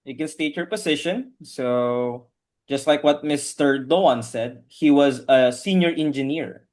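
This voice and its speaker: A man's voice: medium pitch, unhurried, darkish tone. A man teaching an online English class over a video call, patiently correcting his students' pronunciation word by word.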